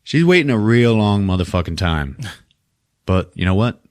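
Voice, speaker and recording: A man hosting a podcast and recapping a horror movie in a casual, profane, animated way, laughing often. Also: on the low side, normal speed, no echo, clean studio sound. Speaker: podcast host.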